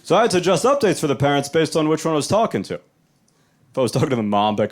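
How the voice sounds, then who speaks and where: A young adult man doing a live stand-up set in a small club, talking loosely and conversationally and jumping into animated voices for the people he quotes. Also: on the high side, fast talker. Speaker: stand-up comedian.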